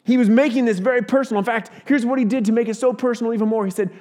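A man preaching a sermon as a pastor, earnest and swelling louder at key points. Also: very high-pitched, steady tone, racing, few pauses, long reverb tail.

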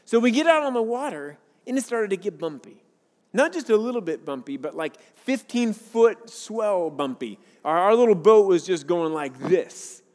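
A male pastor with a notably high voice delivers an earnest, conversational sermon. He mixes scripture with personal stories. His words ring out with the long reverb of a large church hall. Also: expressive, normal speed, darkish tone. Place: church sanctuary with a worship team.

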